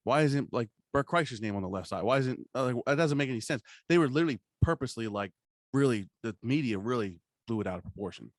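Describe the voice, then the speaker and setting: A man co-hosting a podcast in casual chat, an animated storyteller who swears a lot. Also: medium pitch, fast, no echo, studio quality. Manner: animated storyteller, quotes others in put-on voices, swears a lot. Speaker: podcast co-host.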